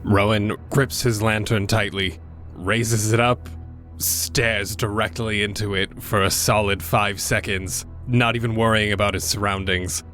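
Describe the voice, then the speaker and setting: A man describing his character's moves in a tabletop game. His voice is low and flat, and he reads rules in a matter-of-fact way, with faint music behind. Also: a little slow. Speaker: player. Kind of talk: tabletop play, describing actions.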